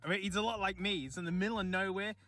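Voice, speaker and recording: A man's voice: sits high, fairly even intonation, racing, bright, forceful tone, faint music behind. An Australian man chatting casually outdoors in remote bushland, joking and talking to the things he finds as he goes. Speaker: streamer. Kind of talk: casual vlog chat.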